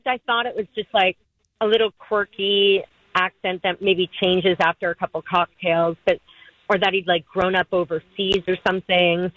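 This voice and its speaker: A young woman calling into a radio show, chatty and excitable as she tells her story. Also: mid-range voice, no room sound, muffled recording. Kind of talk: phone call on radio.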